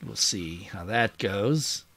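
A man's voice: lowish voice, animated, slow, very noisy. A man hosting a let's-play of a strategy wargame, thinking aloud as he moves and bursting into cheers when an attack pays off. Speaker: gaming channel host. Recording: loud game battle sounds behind voice. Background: loud artillery and gunfire from the game.

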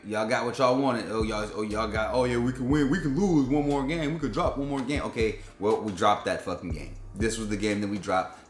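A man with a lowish voice vents about a loss in a loose, slangy rant full of curses and exasperation. He sounds like he's in a bare, echoey room, with a faint beat playing quietly behind him. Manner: frustrated, profane, slangy. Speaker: sports fan channel host. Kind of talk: casual post-game reaction rant.

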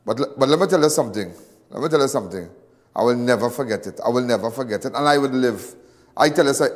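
Emphatic Trinidadian man, reverberant room. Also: medium pitch. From Trinidad and Tobago. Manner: emphatic, repetitive, swinging between loud and hushed. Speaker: host. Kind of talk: impassioned monologue to viewers.

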